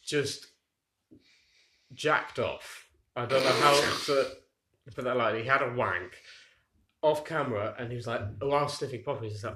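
A man's voice: medium pitch, moderate pace, pauses often, bright, forceful tone. A young man co-hosting a podcast, telling long rambling stories in casual chat and laughing at his own tangents. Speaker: podcast co-host. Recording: roomy echo.

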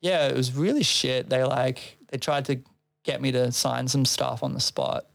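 A man's voice: medium pitch, steady tone, moderate pace, gravelly. A man who organizes a festival, telling a long story in casual chat, swearing freely and laughing between phrases.

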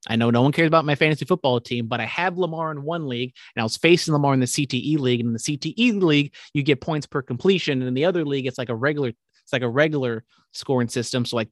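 A man's voice: medium pitch, no echo, clean studio sound. A young man hosting a casual sports podcast, rambling and swearing freely as he goes through picks. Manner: rambling, profane, quick asides. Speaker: podcast host.

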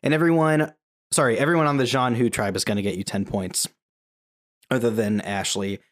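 A man's voice: medium pitch, fairly even intonation, a little fast. Easygoing male podcast host. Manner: laid-back, joking, leads the segments. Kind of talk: casual podcast chat.

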